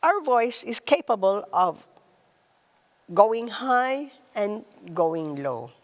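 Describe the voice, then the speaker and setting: A woman hosting a talk on relationships, speaking in a slow, deliberate teaching style. She stresses words and drops softly on key phrases. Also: sing-song, long reverb tail. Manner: measured, emphatic, drops to a soft low voice on key words. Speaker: host.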